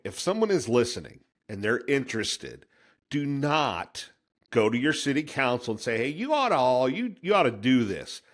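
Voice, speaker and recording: A man hosting a podcast interview, giving listeners direct, firm advice. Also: mid-range voice. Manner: direct, advising listeners firmly. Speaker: podcast host.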